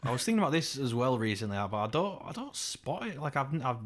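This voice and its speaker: A young English man co-hosting a podcast, sweary and animated in loose, laughing banter. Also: medium pitch, quick pace, a little hiss or hum. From England. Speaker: podcast co-host. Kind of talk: casual chat.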